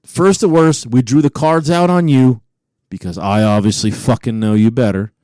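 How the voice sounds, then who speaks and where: A man in his forties, co-hosting a podcast, telling stories in a profane, animated way and laughing often. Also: medium pitch, moderate pace, no echo, clean studio sound. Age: 40s. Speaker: podcast co-host. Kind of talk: casual chat.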